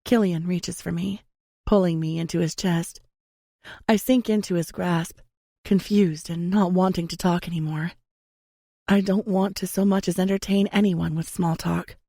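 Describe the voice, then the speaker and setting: Gravelly low-voiced woman narrator. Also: fairly even intonation, moderate pace, dark tone, dry recording, studio quality. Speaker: audiobook narrator. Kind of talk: first-person romance audiobook narration.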